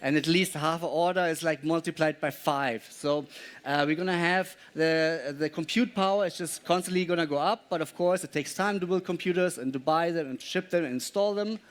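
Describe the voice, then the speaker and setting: A man gives a live presentation, walking his audience through slides. His voice sits a little high and comes across smooth and clear, and he pauses often as he explains and invites questions.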